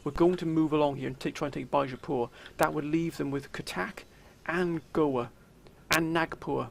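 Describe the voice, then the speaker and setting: A man with a very gravelly, slightly high voice talks through his strategy game. He plays the commander, theatrically calling his listeners sir and gentlemen. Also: fairly even intonation, moderate pace. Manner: theatrical, addresses viewers as 'sir' and 'gentlemen'. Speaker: let's play commentator. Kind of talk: game commentary.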